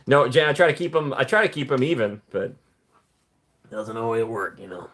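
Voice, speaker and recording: On a casual live stream, a male host jokes his way through viewer comments, frequently laughing and jumping up in pitch whenever something excites him.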